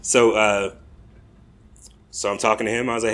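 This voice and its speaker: A man's voice: on the low side, little pitch movement, normal speed, fairly bright tone. Laid-back American man telling a story. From United States. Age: young adult. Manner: laid-back, laughing, filler-heavy. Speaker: podcast host. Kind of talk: casual storytelling.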